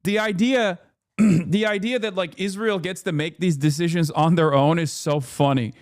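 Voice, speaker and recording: A man streaming casual political commentary, ranting in a profane, animated way with sarcastic asides. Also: high voice, normal speed, no echo, clean studio sound.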